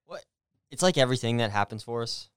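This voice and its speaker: A man in his thirties giving quiet, brief, laid-back replies as a co-host in a casual chat. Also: medium pitch, lively intonation, fast, clear, resonant tone, no echo, studio quality. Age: 30s. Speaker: co-host partner.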